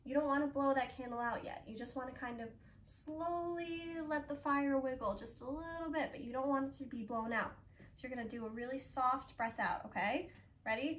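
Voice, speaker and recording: A young woman, a library yoga instructor, gently coaxing children through a breathing lesson. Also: sits high, recorded from a distance, a little hiss or hum. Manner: encouraging, coaxing, talks slowly to children. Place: library room, indoors.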